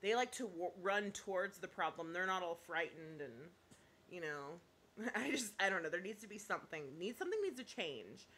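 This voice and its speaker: Chatting live with her audience, this female YouTuber reads their comments aloud in an expressive, bright and forceful tone whose pitch swings widely. Her pace is moderate, and a little hiss or hum sits under the audio. Opinionated and blunt, she laughs often and half-jokingly says sorry when she thinks she's overstepped.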